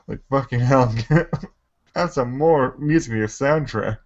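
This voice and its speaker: Male stream guest, rambling and giggly, mid-pitched, lo-fi audio. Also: slow. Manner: rambling, laughs mid-sentence. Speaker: livestream guest. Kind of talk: casual livestream chat.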